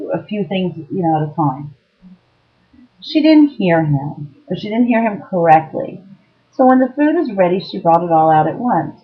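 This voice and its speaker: A woman telling a story to camera in a casual, blunt way, swearing freely and filling pauses with ums. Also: fairly low pitch, muffled recording. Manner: blunt, profane, lots of ums. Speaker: vlogger giving dating advice.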